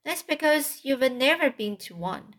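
Woman doing a slow persuasive old sheep. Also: high voice, very animated, fairly bright tone, voice pushed up, full character voice. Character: old ewe, knowing and persuasive.

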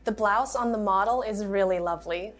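A woman's voice: medium pitch, brisk, soft background music, natural voice. A woman reading the part of a young woman shopping for a blouse in a scripted textbook dialogue, polite and hesitant. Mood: unsure.

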